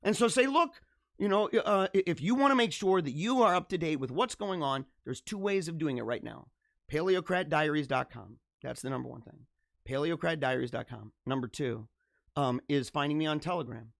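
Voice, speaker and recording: A man hosting a casual live stream, reading viewer comments, animated and jokey, laughing often. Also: a little high, moderate pace, gravelly, no echo, clean studio sound.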